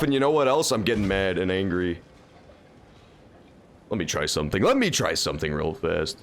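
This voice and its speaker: A man's voice: low-pitched, sing-song, fairly quick. A man streaming a game, giving casual, joking and profane commentary. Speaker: gameplay streamer. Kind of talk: casual live gameplay commentary.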